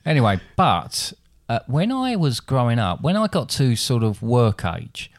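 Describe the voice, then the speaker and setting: A man's voice: medium pitch, huge pitch swings, a little slow, dry recording, studio quality. A middle-aged man with an Essex accent, co-hosting a podcast and telling stories in a rambling, self-interrupting way. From England. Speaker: podcast co-host. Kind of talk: casual chat.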